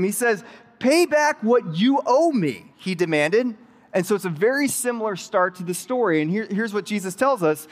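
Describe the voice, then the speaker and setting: A man giving a sermon as pastor, telling a story in a conversational, animated way with excited asides. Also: high-pitched. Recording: reverberant hall.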